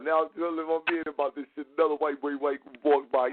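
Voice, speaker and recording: A man hosting a casual talk show, telling a profane, animated street-slang story. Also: fairly high pitch, fast talker, hardly any pauses. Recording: tinny phone-like sound.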